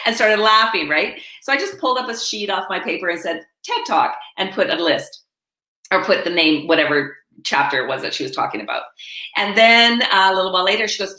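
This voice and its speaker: A woman coach and author telling animated stories in an interview, often laughing and quoting others. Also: medium pitch, a little fast, echoey room. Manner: laughing, animated anecdotes with acted quotes. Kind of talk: storytelling in a live interview.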